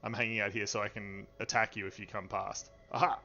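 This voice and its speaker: A man's voice: fairly low pitch, flat delivery, brisk, vocal fry, sharp tone, faint music behind. Aussie guy running a d&d stream, jokey and rambly, kinda dull lo-fi audio. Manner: playful, rambling, welcoming. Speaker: game master and stream host. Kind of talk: livestreamed tabletop game chat.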